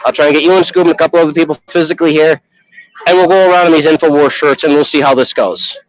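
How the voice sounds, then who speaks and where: A man's voice: on the high side, fairly even intonation, very fast. A man from Chicago streaming from an outdoor festival on his phone, rambling in casual, profane chat and laughing often. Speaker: live streamer. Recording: dull lo-fi phone audio.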